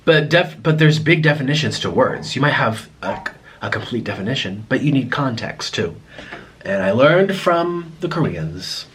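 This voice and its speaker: A man's voice: mid-range voice, big pitch swings, normal speed, a bit bright, slight background noise. A man chatting casually to camera as a mukbang vlogger while he eats. He rambles and admits he is talking in circles.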